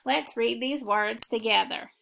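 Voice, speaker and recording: A woman teaching a phonics lesson to children, talking slowly and deliberately. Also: fairly high pitch, gravelly, fairly bright tone. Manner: slow, deliberate instructional delivery.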